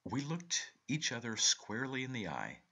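A man reading a short story aloud, telling it in a measured, expressive first-person narration. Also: medium pitch, husky. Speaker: reader.

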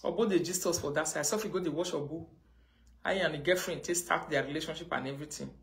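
A woman with a Nigerian accent chatting casually with fans on a live phone video, telling stories in lively pidgin and laughing often. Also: low voice, quick pace. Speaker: social media live streamer.

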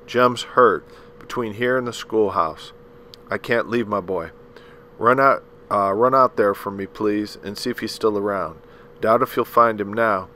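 A firm, steady small-town lawyer father , as a reader voices him in a storybook speaks in a clipped, controlled way. The voice is a little low and carries a bright, forceful edge, with a faint hiss behind it.

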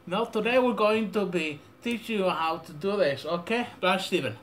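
A young man rambling through a deadpan, mock-serious audio software tutorial with absurd asides. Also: high voice, normal speed, slight background noise. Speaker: tutorial maker.

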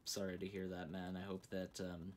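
A man's voice: low-pitched, monotone, normal speed, a little mellow. A man from Canada joining a casual panel debate, friendly and teasing in manner.

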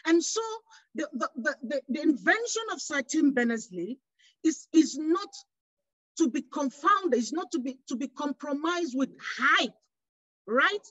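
Impassioned high-pitched woman from West Africa. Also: lively intonation, measured pace, fairly bright tone, no echo, low-quality recording. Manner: impassioned, rhetorical questions, frequent restarts. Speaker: panelist. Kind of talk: panel discussion.

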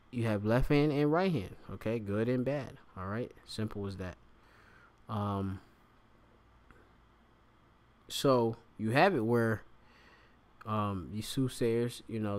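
Casting note: man with a lowish voice, relaxed bible teacher, reads verses then chats through them. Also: slight background noise. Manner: reads scripture aloud, pausing to explain words with frequent fillers. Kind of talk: informal scripture lesson.

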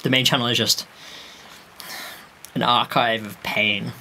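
A man's voice: medium pitch, level tone, measured pace, sharp tone, slight background noise. A young man talking casually and wryly to the camera from a dim room at his desk, meandering and laughing at himself. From Wales. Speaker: vlogger. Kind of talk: casual rambling vlog.

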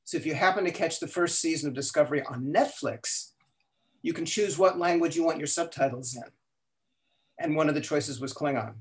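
Older guy telling stories in an interview, slightly high voice, acts out the quotes. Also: fairly quick. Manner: animated storyteller, acts out quotes, frequent restarts. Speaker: guest, language inventor. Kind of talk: storytelling interview.

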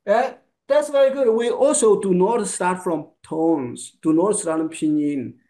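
High-pitched guy teaching chinese sounds, talks slow, broken english, chinese is his first language. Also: mellow. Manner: non-native English in short broken phrases, modeling Chinese sounds slowly. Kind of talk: one-on-one lesson.

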